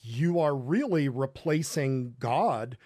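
A man hosting an online faith talk show, speaking earnestly and pausing on fillers. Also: mid-range voice, expressive, darkish tone, dry recording, studio quality. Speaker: host.

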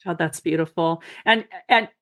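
A woman hosting a podcast interview, asking gentle, affirming questions. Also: lowish voice, normal speed. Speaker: podcast host. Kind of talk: empathetic interviewing.

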